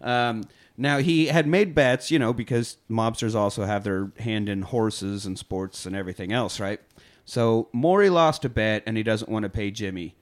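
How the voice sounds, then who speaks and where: A man co-hosting a podcast, retelling a film scene with lively, profane energy and acted-out quotes. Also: lowish voice, normal speed. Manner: animated storyteller, heavy swearing, acts out quotes. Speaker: podcast co-host. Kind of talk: casual film-review chat.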